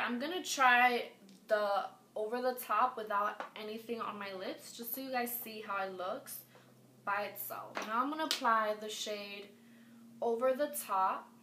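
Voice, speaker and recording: Female beauty vlogger, gushing and repetitive, slow deliberate pace, roomy echo with faint noise. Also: fairly high pitch. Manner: gushing, excitable, repeats herself. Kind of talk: casual makeup review. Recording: echoey room with faint background noise.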